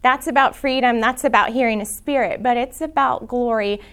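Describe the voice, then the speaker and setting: A middle-aged woman teaching a church prayer class, earnest and emotional, dropping into soft whispers when she quotes prayers. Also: fairly high pitch, moderate pace, clean tone.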